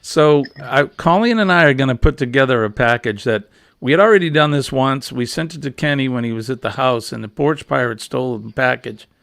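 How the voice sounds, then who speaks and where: A man's voice: medium pitch, brisk, creaky, few pauses, a bit bright, dry recording, studio quality. A middle-aged man hosting a casual morning chat show, rambling and jokey. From New England. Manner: rambling, jokey, easily amused. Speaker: host.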